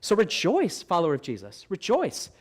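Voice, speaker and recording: A young man preaching a sermon as young adults pastor, animated and repeating key phrases for emphasis, with light joking asides. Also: sits high, normal speed, slightly rough. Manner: joking asides, stops to soothe a baby.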